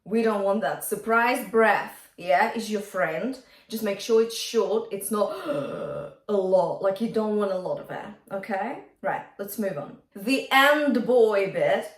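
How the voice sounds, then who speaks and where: A woman's voice: mid-range voice, a little slow, few pauses, echoey room, distant mic. A woman vocal coach teaching a singing lesson, encouraging her students and breaking into sung examples.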